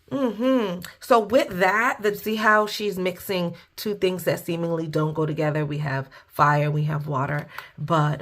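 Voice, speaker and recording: Woman, tarot reader, casual reading, heartfelt, informal, unhurried, vocal fry. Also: fairly low pitch. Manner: heartfelt and informal, with occasional cursing.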